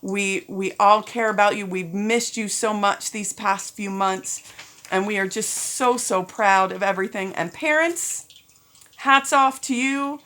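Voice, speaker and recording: A woman's voice: mid-range voice, unhurried. A woman school principal giving end-of-year announcements, upbeat and encouraging, getting a little teary as she talks to students and parents. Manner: upbeat, addresses students as ladies and gentlemen.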